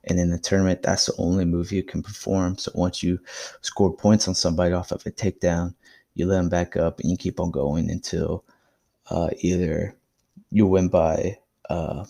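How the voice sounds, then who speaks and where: A man's voice: deep voice, level tone, moderate pace, gravelly, mellow. A young man hosting his own podcast, telling a personal story in a casual, reflective and encouraging way. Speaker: podcast host. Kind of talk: casual solo podcast monologue.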